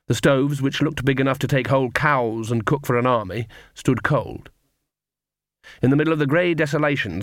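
Male audiobook narrator, middle pitch, measured and wry, dry close recording. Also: no room sound.

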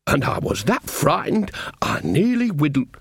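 A man voicing a gossipy, folksy old witch woman who rambles along and rises to high squeaks. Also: huge pitch swings, measured pace, creaky, slightly rough, no echo, exaggerated voice. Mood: reminiscing.

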